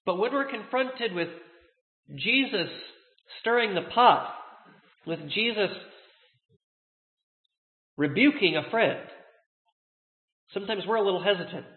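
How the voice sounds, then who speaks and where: A man with a high-pitched voice delivers an earnest sermon, drawing out the words he wants to land. The sound is thin and tinny, like a phone line. A long echo rings around a big hall. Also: expressive. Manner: earnest, slowing down to stress key words. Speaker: pastor.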